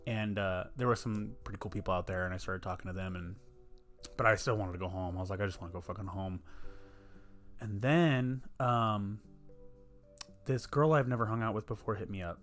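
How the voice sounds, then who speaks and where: A man's voice: on the low side, fairly quick, fairly bright tone, soft background music. A young man, telling a rambling, profane story in a casual podcast chat. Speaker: podcast host.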